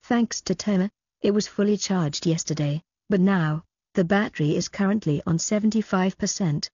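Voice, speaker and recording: A woman's voice: mid-range voice, normal speed, mellow, slightly rough, no room sound, close to an everyday voice. A woman reading the part of a cheerful young woman talking to her boyfriend, on a dull, dry recording. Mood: chatty. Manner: cheerful, affectionate. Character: young woman, cheerful girlfriend, sharp when crossed.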